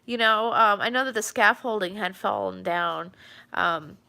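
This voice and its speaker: Chatty woman live streaming, gravelly, bright, rambling with lots of ums. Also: mid-range voice, unhurried. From New York. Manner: chatty, rambling, with many fillers and restarts. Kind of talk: casual live-stream chat.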